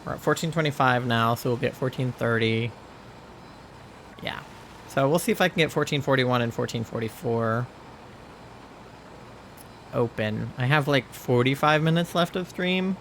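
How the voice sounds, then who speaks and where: A man's voice: mid-range voice, moderate pace, pauses often, a bit bright, slight background noise. A young man livestreaming a game, chatting casually into a headset mic with a rambling, filler-heavy manner. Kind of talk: casual chat while gaming.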